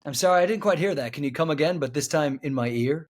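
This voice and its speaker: A man co-hosting a podcast, excitable and stumbling over words as he talks about films. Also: fairly high pitch, quick pace. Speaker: podcast co-host. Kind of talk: casual film chat.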